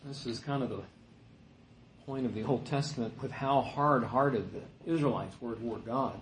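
A man's voice: medium pitch, normal speed, a little hiss or hum. A man preaching a sermon, reading scripture and retelling it in a conversational way, mimicking the complaining people with a mocking voice. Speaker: pastor. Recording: echoey room.

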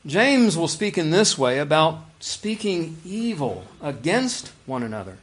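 A man's voice: fairly high pitch, very animated, a little slow, a bit bright. A man preaching a sermon in a conversational way, reading scripture aloud with emphasis. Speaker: pastor.

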